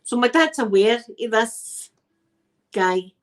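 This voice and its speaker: A middle-aged woman with a Scottish accent, telling rambling stories in a soft-spoken ASMR chat, using local words like aye and wee. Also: on the high side, lively intonation, takes it slowly, rough recording. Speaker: ASMR channel host.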